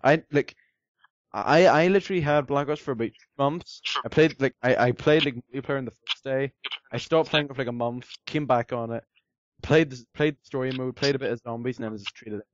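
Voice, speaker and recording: A man's voice: medium pitch, a little fast, dry recording, highs cut off. A man chatting casually as a podcast co-host, rambling with lots of fillers and some sarcasm. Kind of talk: casual chat.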